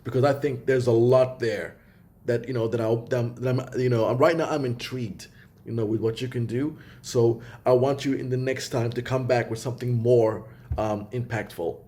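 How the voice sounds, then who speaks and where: A man judging a talent show, giving halting feedback and often repeating himself. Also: medium pitch, fairly even intonation, warm tone.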